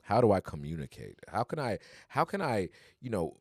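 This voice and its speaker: Male podcast co-host, earnest and emphatic, low and lively, dry close mic. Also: normal speed, no echo. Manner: earnest, emphatic, laughs often. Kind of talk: casual podcast chat.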